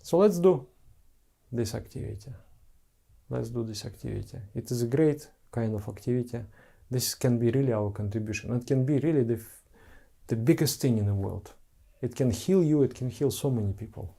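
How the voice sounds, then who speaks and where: A man's voice: medium pitch, moderate pace, gravelly, mellow. A man who is a spiritual teacher, giving an earnest, heartfelt devotional talk to followers in simple broken English.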